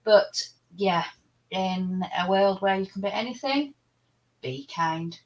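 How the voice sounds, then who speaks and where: A woman's voice: medium pitch, slow, darkish tone, muffled recording. A woman co-hosting a craft livestream, giving an easygoing, brief sign-off. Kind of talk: casual chat, closing a show.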